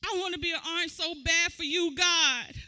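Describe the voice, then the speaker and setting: A woman preaching. Her voice sits high and sounds piercingly bright. She moves from easy conversational teaching to loud, shouted exhortation. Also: normal speed. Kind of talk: sermon.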